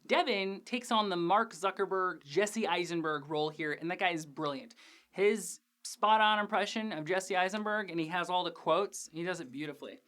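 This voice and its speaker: Female host, lowish voice, casual profane episode recap with jokey asides. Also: moderate pace, a bit bright. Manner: chatty, profane, joking asides. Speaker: TV after-show host.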